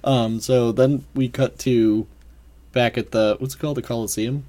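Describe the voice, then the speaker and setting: A podcast co-host with a mid-pitched voice chats casually about a cartoon. The talk is loose, with frequent laughs and quick reactions. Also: steady tone, warm tone. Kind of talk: casual chat.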